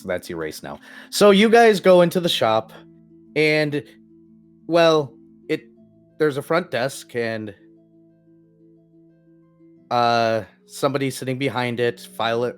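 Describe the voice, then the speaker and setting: A man running a tabletop role-playing game as game master, narrating scenes with casual joking asides. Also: medium pitch.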